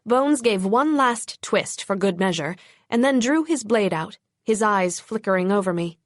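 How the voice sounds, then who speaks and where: A woman narrates an audiobook in the first person, tense and driving, with a mid-range pitch. The recording is close and dry, with no room sound. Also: animated, a little slow, no echo.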